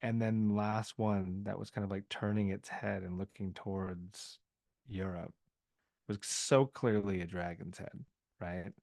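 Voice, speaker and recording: A man's voice: lowish voice, steady tone, a little slow, creaky, a little mellow, no echo. A man from the American South, a podcast guest telling a story in a loose, rambling way full of filler words. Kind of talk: casual podcast conversation.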